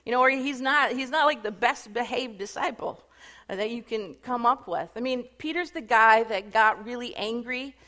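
A woman retelling Bible stories in a casual, chatty sermon, animated and full of fillers. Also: on the high side, moderate pace. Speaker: Bible teacher.

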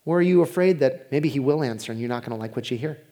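A man preaching a sermon as pastor, in a conversational way, dropping to a hushed voice when he voices prayers. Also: medium pitch, animated, quick pace.

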